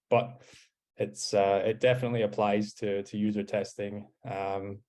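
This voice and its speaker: A man with a Scottish accent presenting in a webinar in a relaxed way, with many ums and uhs, over a video call mic. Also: on the low side. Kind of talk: casual webinar talk.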